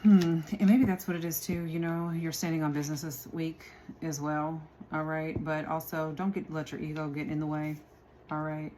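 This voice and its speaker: A woman's voice: deep voice, flat delivery, normal speed, warm tone, a little hiss or hum. A woman giving a casual tarot reading, chatty and laughing often as she talks to her viewers. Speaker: tarot reader.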